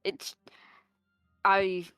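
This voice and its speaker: A woman playing a tabletop role-playing game, speaking haltingly with many restarts. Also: a bit bright, dry recording, soft background music. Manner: hesitant, halting, full of restarts. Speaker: player. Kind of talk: tabletop role-play chat.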